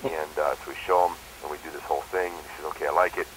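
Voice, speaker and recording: A man's voice: extremely low pitch, steady tone, very fast, a little hiss or hum, rough recording. A man who works as a stuntman, telling a story in a casual phone interview and jumping into quoted voices. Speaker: stuntman and performer.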